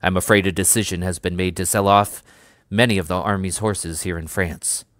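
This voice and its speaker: Man reading as a stiff army major, deep voice, firm and measured, dry close sound. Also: fairly even intonation, fairly bright tone, dry recording.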